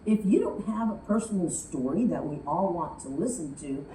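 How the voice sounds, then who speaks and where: Woman teaching speech writing, bouncy animated voice, mellow tone, roomy and kinda far off. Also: fairly low pitch, measured pace. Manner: lively storytelling, acts out quotes. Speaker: public speaking coach. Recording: roomy, distant from the mic, faint noise.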